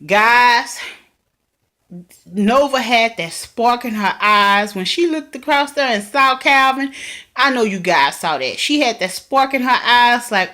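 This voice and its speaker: A woman vlogger chatting excitedly as she recaps a TV drama, talking straight to her viewers. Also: fairly high pitch, unhurried. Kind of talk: casual TV recap vlog.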